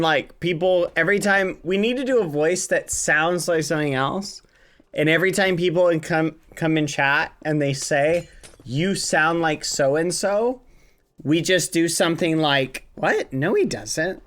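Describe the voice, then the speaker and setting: A man's voice: on the high side, moderate pace, fairly bright tone. A man streaming a building game, chatting casually and playfully with his viewers, humming as he thinks. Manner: musing, playful, hums a lot.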